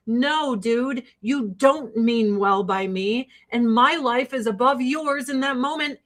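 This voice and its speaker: High-voiced woman ranting, exasperated. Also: takes it slowly, few pauses, a bit bright. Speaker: livestream host. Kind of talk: casual livestream commentary.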